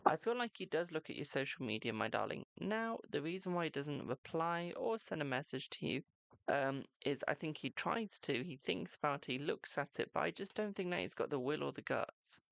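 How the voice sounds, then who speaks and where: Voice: mid-range voice, lively intonation, fairly quick, creaky, a bit bright, no room sound. A live-stream host doing tarot readings in a chatty, reassuring way, calling viewers "my darling" and leaning on "okay" between lines. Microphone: close microphone.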